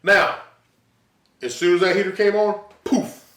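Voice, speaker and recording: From his living room, a stand-up comic tells animated stories with sound effects and asides to the audience. His voice sits high at a moderate pace, and the recording is roomy and echoey, with the mic at a distance.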